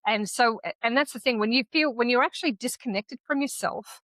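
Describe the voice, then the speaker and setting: An Australian woman co-hosting a podcast, chatting casually and telling candid, animated stories with the odd swear word. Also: a little high, brisk, no echo. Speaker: podcast co-host. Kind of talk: casual conversational chat.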